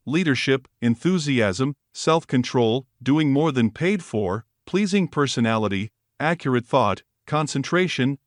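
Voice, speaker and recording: Steady male audiobook narrator, dry sound. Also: medium pitch, no echo. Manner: steady, measured reading. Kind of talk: audiobook narration of a self-help book.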